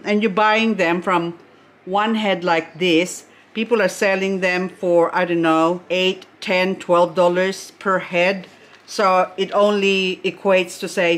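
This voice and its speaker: A middle-aged woman chatting casually as she unboxes succulents, gushing over each plant with chatty asides. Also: mid-range voice.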